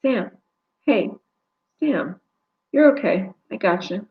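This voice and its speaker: Brief: firm, protective young man, read by a woman, gravelly texture. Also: mid-range voice, lively intonation, takes it slowly, lo-fi sound. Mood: reassuring. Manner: firm, reassuring.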